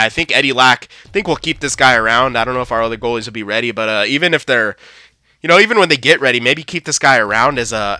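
A young man giving live, profane gameplay commentary, swinging between shouting at his team and deflated muttering. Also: mid-range voice, no room sound. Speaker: gaming commentator.

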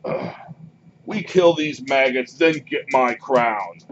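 A brutish two-headed giant ettin bellows and squabbles with itself, as a man puts the voice on, pitched high and loud. The recording is muffled and lo-fi, with a steady hiss of background noise behind it. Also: slow. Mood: shouting, bickering.

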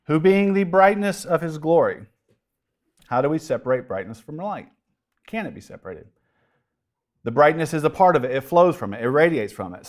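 A pastor preaching a sermon in a dramatic storytelling way, with casual, joking asides. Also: male voice, mid-range voice.

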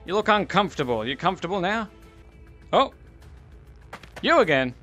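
Excitable high, lively male gamer. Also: normal speed, dull audio, faint music behind. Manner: excitable, exclaiming and gasping while playing. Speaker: gaming YouTuber. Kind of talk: VR gameplay commentary.

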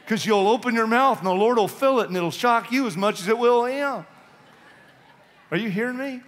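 A man's voice: very high-pitched, normal speed, a bit bright. A male pastor preaching an impassioned, urgent sermon in a church sanctuary. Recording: long reverb of a church hall.

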